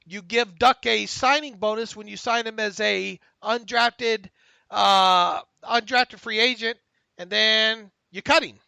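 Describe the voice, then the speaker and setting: A man co-hosting a casual sports talk podcast, excitable, often stammering and repeating words as he reads listener questions. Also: sits high, measured pace, vocal fry, smooth, dry recording. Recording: dull lo-fi audio.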